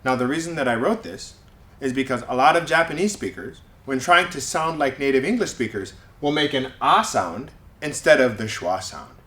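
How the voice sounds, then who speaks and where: A man teaching English pronunciation to learners, leading clear, drawn-out repeat-after-me sound drills. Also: mid-range voice, animated, bright, forceful tone. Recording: echoey room.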